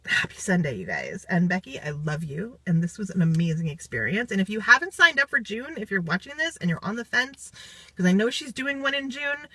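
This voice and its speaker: A woman's voice: medium pitch, big pitch swings, a little fast, pushed and bright, husky, no echo. A woman giving an emotional live video testimonial after a retreat, swearing freely and close to tears. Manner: swearing, intense, near tears.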